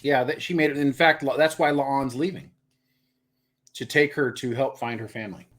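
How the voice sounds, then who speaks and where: A man co-hosting a casual show-review chat, animated and exasperated, mocking scenes in put-on voices. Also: mid-range voice, normal speed. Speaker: podcast co-host.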